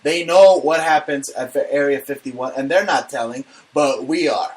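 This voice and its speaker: A man's voice: mid-range voice, moderate pace. A man hosting a casual comedic talk show, brash and profane, joking as he rants. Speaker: podcast host.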